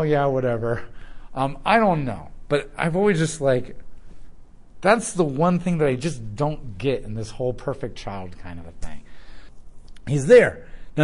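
A man giving a casual, conversational Bible teaching, acting out little dialogues and saying "like" often. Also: medium pitch. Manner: conversational, acts out dialogue with filler "like".

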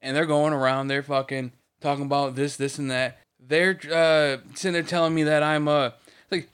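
A man's voice: a little high, steady tone, moderate pace, fairly bright tone, clear, resonant tone. A man in his thirties ranting heatedly in casual podcast chat, swearing often. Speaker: podcast co-host.

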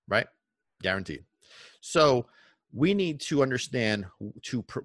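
A man hosts a podcast monologue about dog training in an emphatic, preachy way. He drives points home with rhetorical questions and a constant "okay?". His voice sits at a middle pitch, recorded close and dry. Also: dry recording.

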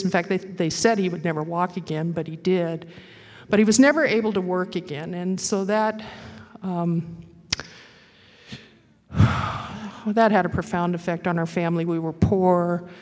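A woman giving a halting, reflective personal testimony at a recovery meeting, with many pauses and fillers. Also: on the low side, a little mellow, big-room sound.

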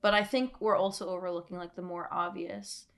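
A woman's voice: lowish voice, steady tone, fairly quick, vocal fry, fairly bright tone. Joking young woman co-host. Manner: joking, lots of "like", playful asides. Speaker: podcast co-host. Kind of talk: casual chat.

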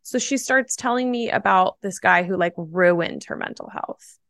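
A woman's voice: fairly low pitch, moderate pace, gravelly, no room sound. Chatty woman telling a story, dry sound. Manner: animated, chatty, full of "like" fillers. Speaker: podcast guest. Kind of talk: casual storytelling.

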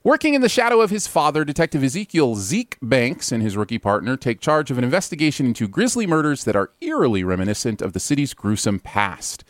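A man's voice: mid-range voice, sing-song, quick pace, few pauses, no echo, studio quality. A man hosting a casual pop-culture podcast, chatty and loose, chuckling between lines and using plenty of fillers. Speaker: podcast host.

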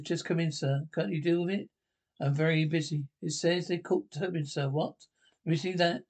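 A man with a gravelly voice speaking fussy, flustered dialogue in a 1970s period film comedy. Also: a little high, a little mellow.

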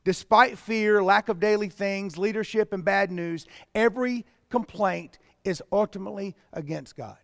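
A man's voice: sits high, moderate pace, gravelly, hardly any pauses, dry recording, clean studio sound, in a large hall. A man preaching a sermon, reading scripture and dramatizing it with rising intensity. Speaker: pastor.

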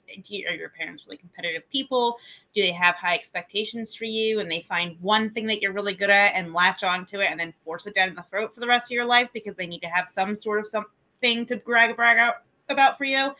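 Bright-voiced woman podcast co-host. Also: mid-range voice, low-quality recording. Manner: chatty, blunt, swears casually. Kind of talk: casual chat.

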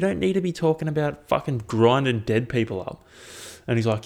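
A man's voice: mid-range voice, animated, brisk, gravelly, darkish tone. A young man, rambling through casual, profane chat as a podcast host. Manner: rambling and profane, with frequent ums.

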